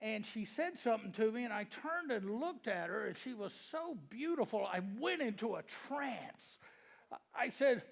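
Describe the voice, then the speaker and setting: A man with a high, gravelly voice tells a seminar audience a joke, then turns it into a lesson. His manner is folksy and chatty, and he stops to ask the room questions. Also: animated, moderate pace. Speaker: real estate seminar speaker. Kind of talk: joke-telling seminar talk to a live audience.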